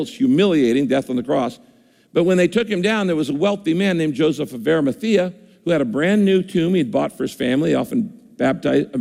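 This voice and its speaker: A man's voice: a little high, vocal fry, darkish tone. A man preaching a sermon as pastor, earnest, repeating words for emphasis. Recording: echoey hall reverb.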